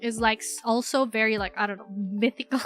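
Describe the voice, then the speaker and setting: Bright-voiced, giggly young woman streamer. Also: a little high, fairly even intonation, a little fast, soft background music. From Philippines. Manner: rambling, giggly, filler-heavy, self-mocking. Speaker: VTuber streamer. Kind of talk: casual livestream chat.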